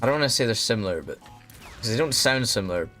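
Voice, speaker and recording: A man's voice: medium pitch, lively intonation, quick pace, pushed and bright. A young man casually commentating on a game he plays, ranting and swearing often. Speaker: streamer. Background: faint background music.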